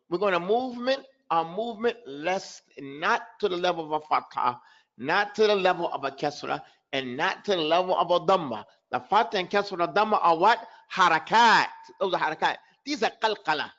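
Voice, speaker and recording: A man teaching a live online pronunciation lesson, repeating example words and asking his students quick questions. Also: high-pitched, a bit bright, dull audio. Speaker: tajweed teacher.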